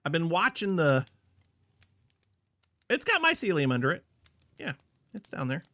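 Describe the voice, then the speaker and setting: A man's voice: a little high, wildly swooping pitch, a little slow, pushed and bright, no room sound, clean studio sound. A man streaming a game, chatting casually with his viewers while he thinks aloud about what he is doing. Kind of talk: casual gameplay commentary.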